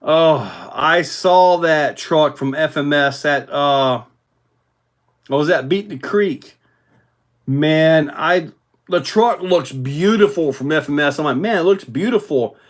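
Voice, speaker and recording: A man hosting a casual livestream, rambling in a relaxed way with many fillers while answering viewer comments. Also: fairly high pitch, takes it slowly. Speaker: RC hobby livestream host.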